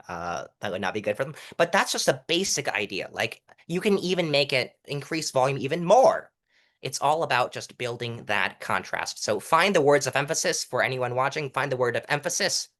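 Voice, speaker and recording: Lively young man coaching courtroom delivery. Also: medium pitch. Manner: animated, demonstrates delivery by reciting lines at different volumes. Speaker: interview guest, mock trial competitor. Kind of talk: casual coaching interview.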